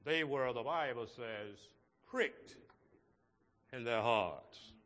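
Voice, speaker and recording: A man preaching a sermon to his congregation in a slow, measured way, with emphatic rises on key words. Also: mid-range voice, a bit bright, long reverb tail. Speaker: pastor.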